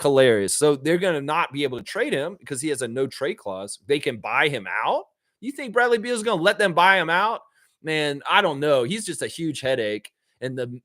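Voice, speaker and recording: Animated ranting male sports host. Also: no echo, clean studio sound. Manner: animated and swearing, jumping up high for emphasis; mocks people with put-on quoted voices. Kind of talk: profane ranting commentary.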